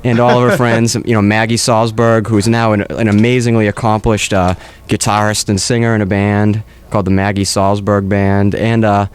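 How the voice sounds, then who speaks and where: A man's voice: lowish voice, flat delivery, normal speed, few pauses, a little hiss or hum. A man hosting a comedy podcast, rambling through a mock-earnest monologue with many restarts. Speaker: podcast host.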